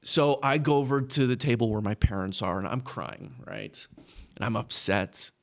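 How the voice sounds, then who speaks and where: A man's voice: medium pitch, moderate pace, creaky. A man from Texas casually telling a story as a podcast guest. He chuckles through his anecdotes and keeps checking in with "right?". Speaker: podcast guest, business owner.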